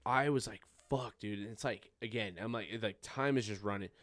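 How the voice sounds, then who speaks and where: A man's voice: lowish voice, fairly quick, dry recording, studio quality. A young man hosting a podcast, telling a story in casual chat with lots of swearing. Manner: profane, animated storytelling. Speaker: podcast host.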